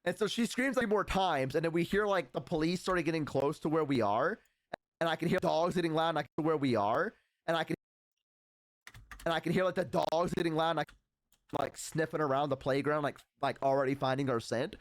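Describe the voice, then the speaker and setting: A streamer telling a long story in casual, rambling chat. His voice sits a bit high. The sound is dry and close. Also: fairly quick, dry recording. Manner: rambling, animated with many fillers.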